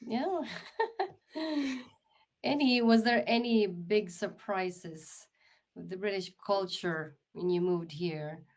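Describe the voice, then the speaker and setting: A woman's voice: medium pitch, slow, long pauses. Attentive woman interviewer. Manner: attentive, prompting with short questions and backchannels. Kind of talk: casual interview talk.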